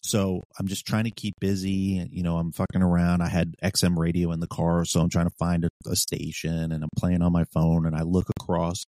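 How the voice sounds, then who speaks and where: A man with a deep, mellow voice tells a story on a podcast, a former police officer who swears freely and acts out what he said back then. The sound is dry and close, with no room around it. He talks casually, like he's chatting with a friend. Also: a little fast, hardly any pauses, no echo. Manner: profane, animated storyteller acting out his own past lines.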